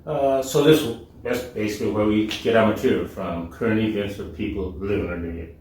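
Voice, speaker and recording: A man's voice: fairly low pitch, steady tone, normal speed, a little mellow, slight background noise. A man hosting his own talk show, telling a story casually with emphatic turns. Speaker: show host. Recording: echoey room, mic at a distance.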